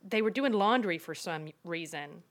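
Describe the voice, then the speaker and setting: A woman co-hosting a podcast, telling the plot in a relaxed, conversational way. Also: on the low side, moderate pace. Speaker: podcast co-host. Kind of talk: casual chat.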